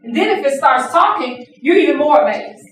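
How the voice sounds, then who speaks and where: A woman trainer leading an interactive classroom lesson, lively and playful, acting out examples. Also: high-pitched, fairly quick, a little hiss or hum. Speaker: workshop trainer. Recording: echoey room from a distance.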